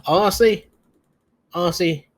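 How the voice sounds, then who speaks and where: Male podcast co-host, slightly high voice, tired, swears a lot, casual wrestling recap. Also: measured pace. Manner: profane, rambling, sleepy recap with restarts.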